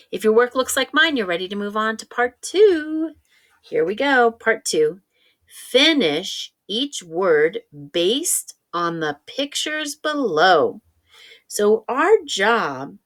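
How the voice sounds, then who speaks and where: Slow, patient woman teaching phonics. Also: fairly high pitch, a bit bright. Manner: slow, stretched-out sounding of words and vowels; patient, encouraging, talking straight to a young child. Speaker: reading teacher. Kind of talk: children's phonics lesson.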